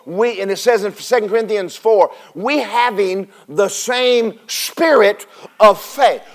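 Male preacher, high pitch, animated sermon delivery with call-and-response. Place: church service with congregation responding.

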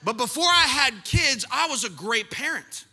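A middle-aged male pastor with a high, very bright voice delivers a sermon in a large church hall. He tells stories with animated, playful self-mockery. His voice carries a long reverb through the room. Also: normal speed. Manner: animated storyteller, playful self-mocking asides.

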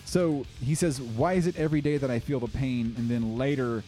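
A man's voice: mid-range voice, fairly quick, dark tone. A man co-hosting a casual music podcast, rambling, swearing and laughing often. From Oklahoma. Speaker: podcast co-host. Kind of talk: casual chat.

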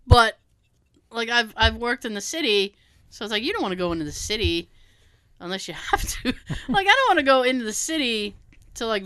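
This podcast co-host has a fairly high, smooth voice with no echo. Chatting casually, she's an animated storyteller who swears a lot and acts out the lines other people said.

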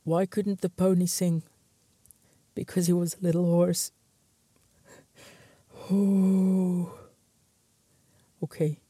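A man's voice: fairly high pitch, mellow, no room sound, studio quality. A man hosting his own show, reading out jokes one by one and trying hard not to laugh, muttering and stifling giggles between them. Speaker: host.

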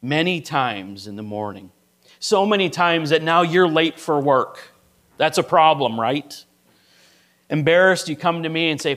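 A man's voice: fairly high pitch, lively intonation, unhurried, fairly bright tone. A middle-aged male pastor preaching a sermon, telling a story to illustrate his point and often checking in with "right?".

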